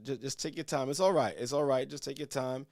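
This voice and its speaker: A man's voice: medium pitch, brisk, darkish tone, dry recording, studio quality. A man hosting a church call-in show, stammering and repeating words as he preaches to a caller. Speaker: church elder host. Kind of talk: religious call-in talk.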